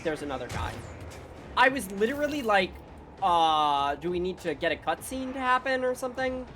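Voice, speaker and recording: A woman streamer giving excitable, casual commentary on a game. She swears freely and reads game dialogue aloud. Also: mid-range voice, moderate pace, soft background music.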